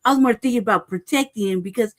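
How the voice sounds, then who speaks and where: A woman's voice: on the high side, quick pace. Heated, profane woman telling a story. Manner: peppers talk with "right?" and "cuz". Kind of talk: casual storytelling.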